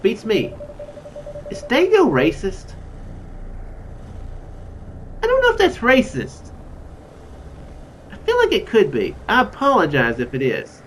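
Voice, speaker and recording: A man's voice: sits high, wildly swooping pitch, normal speed, fairly bright tone, a little hiss or hum, poor audio. A man with a Southern US accent gives rambling, chatty game commentary as he reads a story game aloud, with plenty of fillers. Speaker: gaming channel host.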